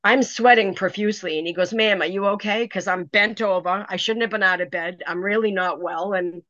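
A first-time author, a woman with a fairly low voice, speaks a little fast as she tells a dramatic story in a casual interview. Her animated retelling is full of restarts, and the dry, lo-fi recording sounds slightly dull.

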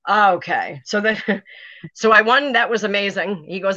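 Woman, middle-aged, animated storyteller, dull lo-fi recording. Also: mid-range voice, normal speed, dry recording. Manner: animated, lots of "you know" fillers. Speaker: author guest. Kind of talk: storytelling in an interview. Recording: dry, dull lo-fi sound.

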